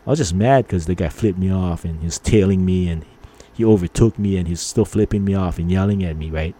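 A middle-aged man from Hawaii tells stories in a loose monologue. He rambles with fillers and punches out angry quoted lines. His voice sits low and sounds soft and dark. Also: a little fast. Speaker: podcast host. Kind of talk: casual storytelling monologue.

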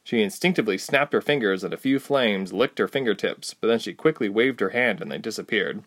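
Animated male audiobook narrator. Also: lowish voice, a little fast.

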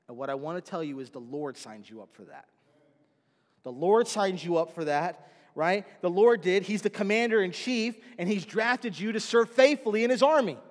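A man's voice: on the high side, big-room sound. A man preaching a sermon as pastor, telling stories animatedly and acting out the voices of the people in them.

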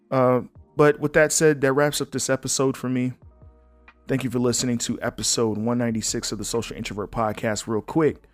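A man hosts a solo podcast in a loose, rambling way, joking and candid as he goes. His voice sits at a middle pitch and sounds dry and close to the mic, with faint music under it. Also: dry recording. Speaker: podcast host. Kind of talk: casual solo podcast chat.

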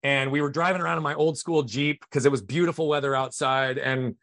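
A middle-aged man telling a family story as a podcast guest, earnest and emphatic. His voice sits at an ordinary pitch for a man. The sound is dry and close, with no room echo. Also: steady tone, fairly quick, gravelly, a bit bright. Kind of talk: personal storytelling in conversation.

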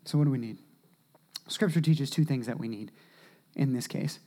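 Male pastor, sermon delivery, very animated, wide swings from shouting to near-whisper. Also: mid-range voice, normal speed.

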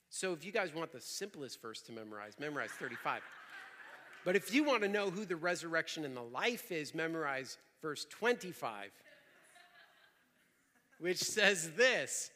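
Bright-voiced young man preaching energetically. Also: a little high. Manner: energetic, conversational preaching with repetitions. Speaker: pastor. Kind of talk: sermon. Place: church hall. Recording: reverberant hall.

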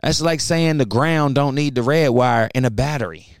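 At a moderate pace and in a mid-range voice, a young man hosting a podcast delivers a heated, profane solo rant that turns preachy. The sound is clean studio quality without echo.

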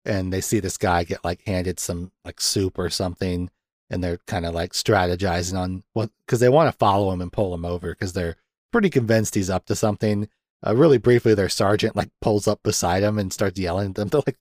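A man with a low voice, talking a little fast, hosts a casual movie podcast where he retells scenes with energy, acts out quotes, and laughs frequently. The recording is dry, with clean studio sound.

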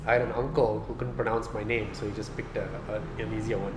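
A man's voice: on the low side, flat delivery, fast talker. Joking man in an echoey room. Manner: joking, laughs often, trails off and restarts. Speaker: podcast guest. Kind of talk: casual chat. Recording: echoey room, faint hum.

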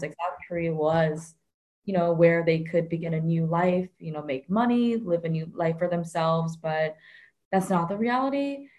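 A woman's voice: fairly low pitch, a little mellow. Chatty, reflective woman guest. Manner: chatty, many fillers, reflective. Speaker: interview guest, reporter. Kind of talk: casual conversational interview.

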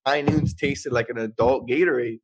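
A young man co-hosting a podcast, tipsy and slurring, bantering loudly with laughs and swearing. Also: mid-range voice, steady tone, moderate pace, slightly rough. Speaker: podcast co-host. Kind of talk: casual chat.

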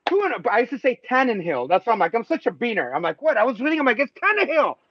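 A man hosting a casual sports podcast, talking loosely and excitably, swearing freely and laughing often. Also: very high voice, very fast, slightly rough, no echo. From Mexico. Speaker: podcast host. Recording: dull lo-fi sound, dry.

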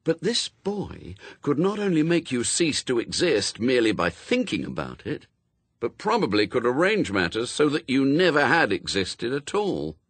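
A man narrating a storybook in a wry, expressive reading, close to the mic. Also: mid-range voice, normal speed, breathy edge, no echo. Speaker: audiobook narrator. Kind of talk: scripted narration.

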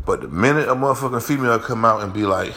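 A man's voice: mid-range voice, fast, sharp tone. A man telling a rambling, profane story in a casual monologue.

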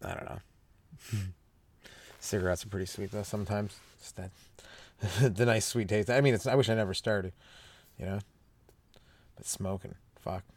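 A man's voice: on the low side, fairly even intonation, unhurried, pauses often. A young man from Canada, a stand-up comedian hosting a podcast, rambling loosely through his jokes, laughing at them and swearing a lot. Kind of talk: rambling stoned comedy monologue.

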